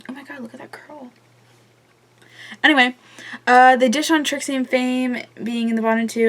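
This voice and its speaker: A young woman recapping a reality show episode as a fan, gushing, rambling and swearing a lot. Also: a little high. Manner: rambling with many fillers and asides. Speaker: vlogger reviewing a reality show. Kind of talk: casual fan recap vlog.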